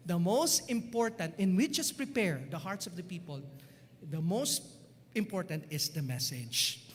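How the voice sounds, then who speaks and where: A man's voice: sits high, animated, measured pace, a little hiss or hum. A man with a Filipino accent leading a church music workshop, mixing Tagalog and English and singing hymn lines to show how it is done. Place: church hall. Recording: echoey church hall with music.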